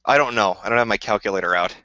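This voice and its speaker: A man's voice: on the low side, racing, sharp tone. A man on a live stream, answering viewer questions in a rambling, profane, combative rant. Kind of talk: casual ranting live stream. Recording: dull lo-fi dry sound.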